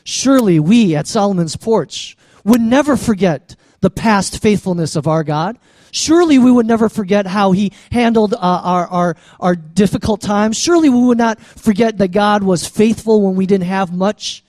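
A man's voice: sits high, moderate pace, darkish tone, no echo. A man preaching a sermon as pastor, conversational and often stammering on restarts.

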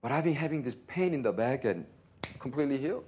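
A pastor preaching a sermon, telling a story with lots of laughter and acted-out dialogue. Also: male voice, mid-range voice, quick pace, slight background noise. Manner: animated, laughing often, acts out dialogue.

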